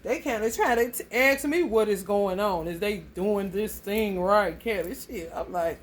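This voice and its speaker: A woman's voice: medium pitch, a little slow, few pauses, slight background noise. A woman, giving a casual astrology reading in a blunt, profane, storytelling way. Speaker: astrology reader. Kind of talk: casual tarot reading monologue.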